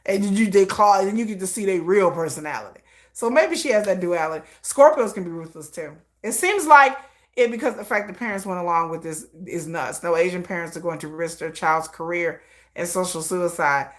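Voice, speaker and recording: A woman hosts a livestream in casual commentary style, her fairly low voice lively and fairly quick. She's blunt, emphatic and opinionated, laughing often and using plenty of slang and swearing.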